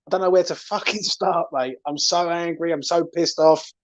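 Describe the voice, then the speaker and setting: A man's voice: fairly high pitch, steady tone, moderate pace. A man hosting a fan channel, ranting angrily about a football match and swearing often. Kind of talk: angry football fan reaction.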